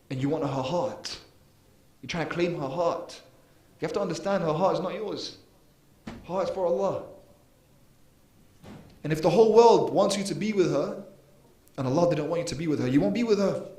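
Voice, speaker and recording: A man's voice: sits high, warm tone. A man giving an earnest mosque lecture, emphatic, with sudden rises and drops in volume. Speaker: preacher. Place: mosque hall. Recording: echoey mosque hall.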